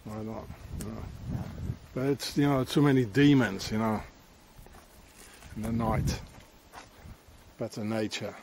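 A man's voice: lowish voice, steady tone, takes it slowly, long pauses, a little mellow, breathy edge. A man rambling through a walking tour vlog of castle ruins in a forest, muttering asides and slang, recorded on a handheld camera outdoors. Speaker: travel vlogger. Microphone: handheld camera mic.

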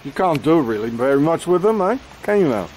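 A man sits outside in the rain and rants to the camera in a rambling, angry way, peppering every phrase with "you know" and "eh?" and swearing freely. His voice sits a little high for a man. Faint traffic hums in the background. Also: big pitch swings, a little fast. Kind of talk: rambling outdoor rant to camera. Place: outdoors in the rain.

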